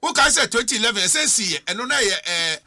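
Emphatic Ghanaian man, high and animated. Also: brisk. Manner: emphatic, argumentative, rhetorical questions, mixes languages. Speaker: political panelist. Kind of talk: heated political talk show debate.

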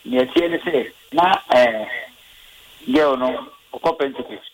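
A man with a Ghanaian accent calling into a radio show and telling a story with animated delivery. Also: mid-range voice, slow pace, rough recording. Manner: animated storyteller, code-switching. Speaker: radio caller. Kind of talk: phone-in storytelling.

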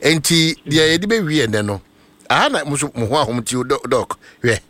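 A man with a Ghanaian accent hosting a talk show, asking questions in a lively, joking way. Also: mid-range voice, fairly quick, no echo. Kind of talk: casual talk show chat.

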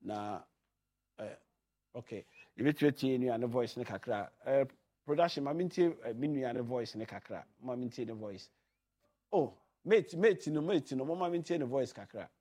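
A man's voice: mid-range voice, animated, normal speed, dark tone. Chatty radio host man. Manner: mixes languages, chatty and loose. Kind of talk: casual radio chat.

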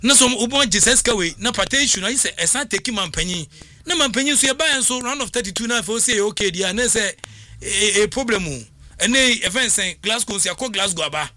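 An animated man with a high, lively voice that swoops up and down. He talks in a heated discussion, repeating words and losing the thread mid-sentence, with a very bright, sharp tone. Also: fast. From Ghana. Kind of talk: heated talk-radio discussion.

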